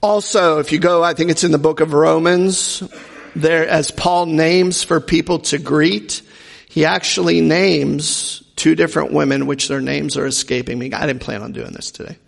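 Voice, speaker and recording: Male preacher, high gravelly voice, chatty sermon style, hall reverb. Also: fairly even intonation, normal speed. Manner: conversational, jokey asides, acts out quoted voices. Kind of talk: informal sermon.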